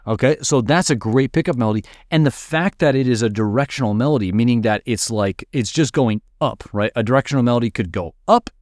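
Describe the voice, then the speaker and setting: A man's voice: mid-range voice, a little fast, few pauses, darkish tone, no echo, clean studio sound. A man teaching music production in a casual screen-share tutorial, explaining as he works and checking in with "right?" and "all right".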